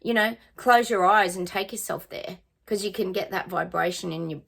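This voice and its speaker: A woman's voice: medium pitch, moderate pace, creaky, a bit bright. A woman psychic chatting casually to her viewers, singing bits of songs and trailing off as she muses. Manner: chatty, sings song snippets, trails off. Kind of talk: casual psychic reading monologue.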